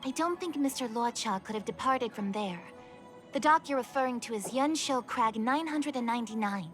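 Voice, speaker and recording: A woman's voice: a little high, expressive, moderate pace, fairly bright tone. An actress playing a composed, polite female official in a video game, explaining matters formally. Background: game music.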